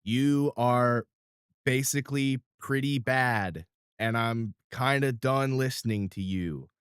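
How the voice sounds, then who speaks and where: A man's voice: mid-range voice, slow pace, smooth, dry recording, studio quality, pitched above the performer's own voice, lightly acted. A man voicing a shy, sweet little boy in a tabletop game, speaking hesitantly with many ums. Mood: stern.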